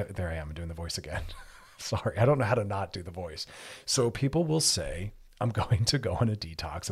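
A man hosting a radio advice show, talking in a lively, animated way and now and then slipping into mocking voices. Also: lowish voice, slightly rough. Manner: animated, lively, often slips into mocking put-on voices for others. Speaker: radio show host and therapist.

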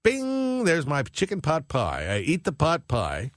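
A man's voice: mid-range voice, wildly swooping pitch, moderate pace, no echo, studio quality. A man co-hosting a radio show, telling a long, rambling everyday story at an easy pace with lots of fillers. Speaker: radio co-host. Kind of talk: casual chat.

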